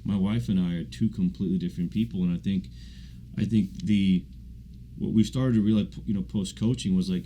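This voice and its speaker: Deep, mellow-voiced laid-back male guest. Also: fairly even intonation, a little fast, a little hiss or hum. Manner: laid-back, slangy, says man and bro. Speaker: guest, tech sales professional. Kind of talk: casual conversational interview.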